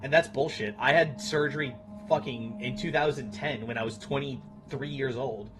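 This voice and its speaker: A man in his late thirties talks casually from home, blunt and quick to swear as he answers his viewers. His voice sits at an ordinary middle pitch. Music plays clearly behind him. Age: 30s. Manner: blunt, profane, talks to chat. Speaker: streamer.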